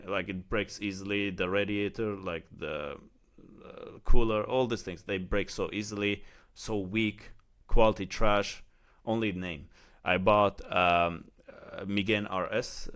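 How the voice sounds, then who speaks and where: A man's voice: low voice, fairly bright tone, clear, resonant tone. A man with an Emirati accent telling a casual, heated story in a vlog, filling his talk with "like" and "you know". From United Arab Emirates. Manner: heated, chatty, heavy use of "like" and "you know". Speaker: vlogger.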